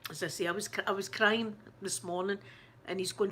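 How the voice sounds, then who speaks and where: A woman's voice: medium pitch, steady tone, a bit bright, husky. A Scottish woman hosting her channel, chatting casually to viewers, shaken and close to tears, stumbling and restarting as she talks. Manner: halting, shaken, many restarts and fillers. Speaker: ASMR channel host. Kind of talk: casual live chat.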